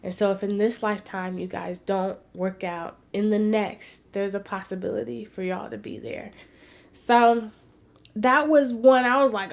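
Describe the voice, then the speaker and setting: A woman vlogger sharing a personal story in an earnest, heartfelt way. She moves between hushed and emphatic. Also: mid-range voice, fairly even intonation, normal speed, vocal fry.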